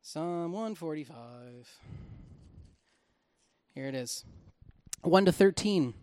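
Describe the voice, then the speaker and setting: A woman preaching a sermon and reading scripture aloud. She delivers it animatedly and swings from soft, quiet speech to shouting. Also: low voice, animated, slow pace, pauses often, no echo. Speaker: Bible teacher.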